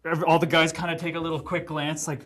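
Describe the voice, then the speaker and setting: A former professional hockey player, appearing as a guest in a casual podcast chat, tells animated, profane stories in a slightly high voice at a quick pace.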